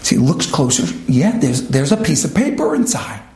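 A man's voice: sing-song, moderate pace, a little mellow, reverberant, low-quality recording. A man telling a dramatic story, acting out the voices of the people in it. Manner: dramatic, shifting pace and pitch for characters. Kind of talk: spoken storytelling with acted quotes.

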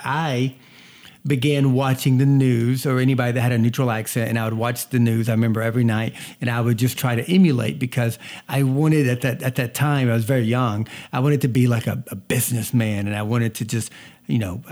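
A man's voice: medium pitch, a little mellow. Southern guy chatting on his family vlog, rambles a bit, little stutter, repeats words. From North Georgia. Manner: talkative storyteller, repeats words, slight stutter. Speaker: family vlogger, father. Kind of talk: casual chat.

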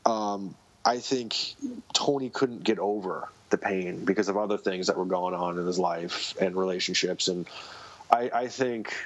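A comic book writer guesting on a podcast speaks in a low voice at a measured pace. His casual storytelling rambles, with frequent restarts, and the recording sounds dull and lo-fi.

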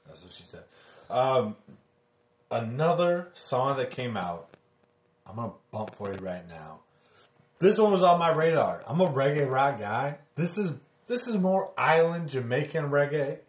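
A man's voice: mid-range voice, sing-song, a little slow. Hyped-up male podcast co-host, roomy sound. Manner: loose, swearing, hyped up. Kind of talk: casual podcast chat.

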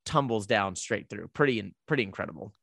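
A man casually recapping a horror movie plot as a podcast co-host, telling it with lively asides. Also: on the low side, fast talker, vocal fry, no echo, clean studio sound.

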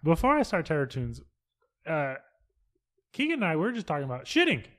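Male podcast co-host, fairly high voice with lots of swing, loose and profane delivery. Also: huge pitch swings, fairly quick, a bit bright. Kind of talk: casual podcast chat.

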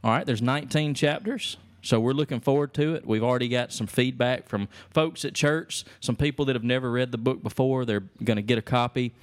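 A man's voice: mid-range voice, brisk, few pauses. A man hosting a casual theology podcast, easygoing, reading listener reviews aloud and laughing along with his co-hosts. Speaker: podcast host. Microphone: studio microphone.

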